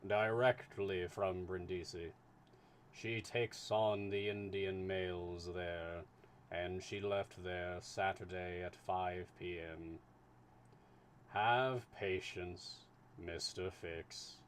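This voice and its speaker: Casting: man doing an unhurried, low-voiced storybook official. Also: fairly even intonation, a little hiss or hum. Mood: patient. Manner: slow, low and measured. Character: calm, patient official consul, man. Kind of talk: live reading of a classic novel.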